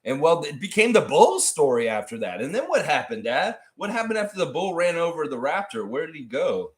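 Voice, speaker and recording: Animated man hosting a casual stream. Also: fairly high pitch, brisk. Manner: animated, rambling storyteller. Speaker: livestream host. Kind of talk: casual livestream chat.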